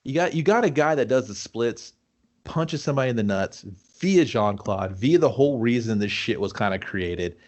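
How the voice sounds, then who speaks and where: A man's voice: mid-range voice, lively intonation, moderate pace, darkish tone. A man co-hosting a casual movie review podcast, swearing freely and acting out scenes in rambling chat. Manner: profane, rambling, acts out quotes. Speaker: podcast co-host.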